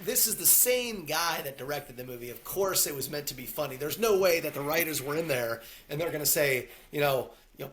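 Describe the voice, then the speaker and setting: A man co-hosting a casual movie podcast, talking from an airplane over earbuds and loudly acting out quotes. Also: on the high side, slight background noise. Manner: animated, acts out quotes loudly. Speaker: podcast co-host. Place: airplane cabin.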